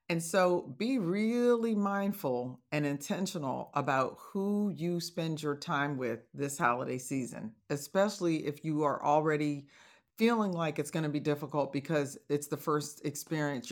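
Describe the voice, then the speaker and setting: A woman hosting an advice podcast, talking casually and encouragingly to listeners, with playful asides and laughter. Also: deep voice. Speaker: podcast host, divorce coach.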